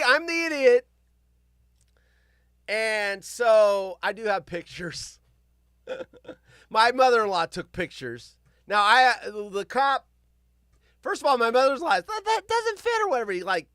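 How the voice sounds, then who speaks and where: A man hosting a live stream from his home office, telling a story to his chat in a casual, animated, self-mocking way and acting out other people's lines. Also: high voice, no room sound, studio quality.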